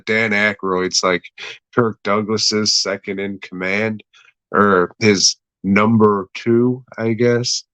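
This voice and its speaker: A man's voice: on the low side, fairly bright tone, no echo. A man casually recapping a horror episode, swearing freely, chuckling and correcting himself as he goes. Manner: profane, offhand, self-correcting, chuckling. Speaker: horror show reviewer.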